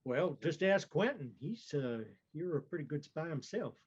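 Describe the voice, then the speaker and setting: A man's voice: fairly high pitch, expressive, normal speed, darkish tone, slightly rough, dull audio. A man playing a tabletop role-playing game, chatting in a laid-back way. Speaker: player.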